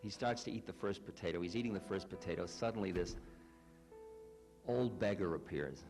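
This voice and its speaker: A spiritual teacher and author tells stories and reads aloud to a live group, tossing in wry, self-deprecating asides. His low voice is brisk and a little mellow, with soft music in the background.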